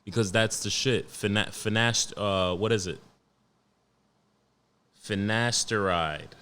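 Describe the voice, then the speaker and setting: A man in his late twenties hosting a podcast alone, talking in a profane, rambling, animated way. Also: on the low side, takes it slowly, smooth. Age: 20s. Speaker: podcast host. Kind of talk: casual solo podcast rant.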